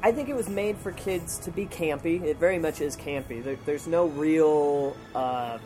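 A man co-hosting a comedy podcast, talking casually in rambling, animated banter with lots of fillers. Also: on the high side, normal speed, faint music behind. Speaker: podcast co-host.

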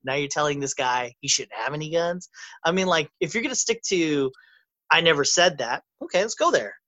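Man, casual talk. Higher-pitched, rambling, stammering restarts. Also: animated, fairly quick. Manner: rambling, stammering restarts, loud quoted voices. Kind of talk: casual podcast chat.

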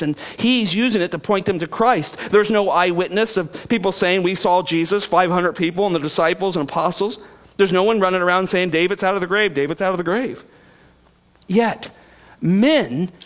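A man preaching a sermon to his congregation, animated, acting out voices and chuckling now and then. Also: high voice. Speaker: pastor. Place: church sanctuary.

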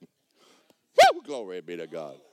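A man preaching a sermon in church, jumping between loud, high shouts and low muttered asides, mimicking skeptics as he tells stories. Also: lively intonation, normal speed, no room sound. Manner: storytelling, mimics skeptics mockingly. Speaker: pastor.

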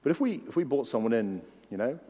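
A man's voice: medium pitch, sing-song, quick pace, mellow, breathy edge, muffled recording. A man preaching a sermon in a church. He talks animatedly, acts out the voices he quotes and often restarts his words. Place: church hall. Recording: long hall reverb.

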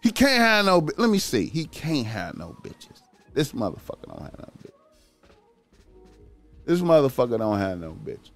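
A man giving profane, rambling casual commentary, repeating himself and breaking into high, incredulous outbursts. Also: very animated, moderate pace, long pauses, a little mellow, faint music behind.

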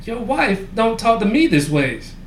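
High-voiced man telling a profane story. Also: big pitch swings, unhurried. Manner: profane, rambling anecdote telling with frequent fillers. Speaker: podcast co-host. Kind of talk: casual storytelling chat. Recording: echoey room with faint ambient noise.

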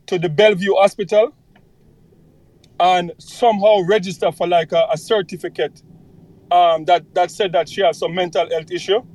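A man's voice: high-pitched, darkish tone, rough recording. A man on a panel telling a story in a casual discussion, hesitant, with many restarts.

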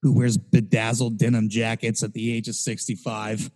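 A man's voice: on the low side, completely flat delivery, moderate pace, a little mellow, in a large hall. A man co-hosting a podcast, telling a rambling, profane story in casual chat. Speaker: podcast co-host.

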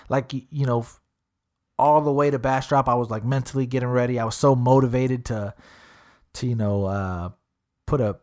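Laid-back young man telling a story. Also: medium pitch. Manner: rambling, laid-back, says "dude" a lot. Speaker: storyteller in casual chat. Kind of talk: casual chat.

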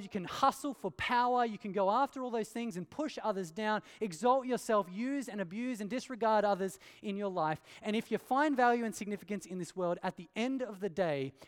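Preacher man in a reverberant hall. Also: high voice. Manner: earnest, emphatic, rhetorical questions. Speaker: pastor. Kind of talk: sermon.

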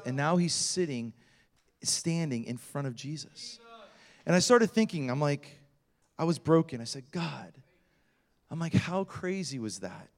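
A middle-aged male pastor telling a story in a sermon, acting out the voices of the people in it with big swings of energy. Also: mid-range voice. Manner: animated storyteller acting out quotes.

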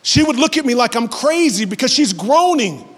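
A man in his thirties preaching a sermon, who builds to high, animated passages and acts out voices in his stories. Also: normal speed, in a large hall. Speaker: pastor.

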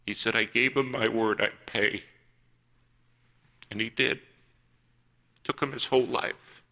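Deep-voiced man preaching a story. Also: fairly even intonation, unhurried, gravelly, pushed and bright. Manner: acts out quoted voices in a personal story. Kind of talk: sermon storytelling.

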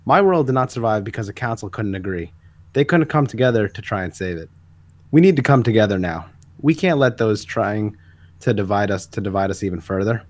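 A man co-hosting a comic book podcast, reading a hero's speech aloud in an earnest, measured way, a little back from the mic. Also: lowish voice, expressive, dry recording. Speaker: podcast co-host.

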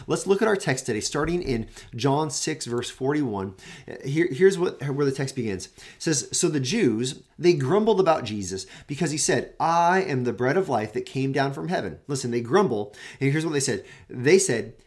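A man's voice: mid-range voice, a little mellow. A man hosting a daily Bible teaching show, explaining a passage in an earnest, emphatic way and often repeating words as he builds his point.

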